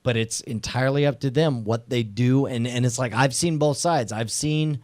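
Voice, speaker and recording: A man hosting a live internet show in casual chat, excitable and prone to loud, laughing outbursts. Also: medium pitch, moderate pace. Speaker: show host.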